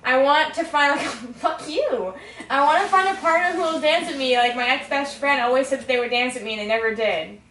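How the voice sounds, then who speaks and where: A woman with a high voice chats casually, giggling and rambling through her answers. She fills her talk with likes and ums. The recording is roomy and echoey, with her sitting a distance from the microphone. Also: quick pace, hardly any pauses, pushed and bright, slight background noise. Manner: giggly, rambling, lots of fillers. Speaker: interviewee. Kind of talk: casual tipsy chat.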